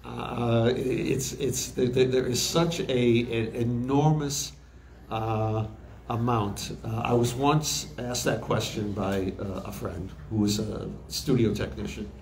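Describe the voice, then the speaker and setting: Older man, halting storyteller, roomy echo. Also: mid-range voice, fairly even intonation, a little mellow, slight background noise. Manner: halting, frequent fillers and restarts. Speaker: recording engineer. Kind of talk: interview storytelling. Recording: roomy echo with faint background ambience.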